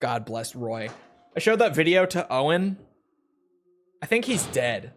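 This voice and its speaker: A man's voice: fairly high pitch, big pitch swings, unhurried, slight background noise. A young man from Minnesota, streaming a game from his room and chatting with viewers in a rambling, profane, joking way. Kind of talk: casual chat with viewers while gaming.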